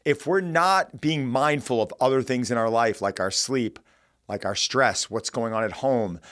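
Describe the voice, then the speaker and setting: A man's voice: mid-range voice, unhurried, fairly bright tone, no echo, clean studio sound. A man in his forties hosting a podcast, talking in an upbeat, chatty way with loose fillers and restarts. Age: 40s. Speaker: podcast host. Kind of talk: casual podcast intro and conversation.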